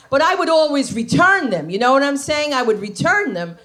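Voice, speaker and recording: A woman doing stand-up on a club stage, swooping all over her range as she tells stories. Her voice sits a little high. She keeps checking in with the crowd and breaks into shrieks at the big moments. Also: brisk. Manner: animated storytelling with shrieks and asides to the crowd. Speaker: stand-up comedian. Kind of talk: stand-up comedy set.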